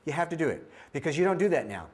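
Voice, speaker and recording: Racing along in a fairly high voice, a middle-aged man delivers a training talk about hearing screening for children. He tells lively stories, performing the children's voices and imitating the beeps of the test.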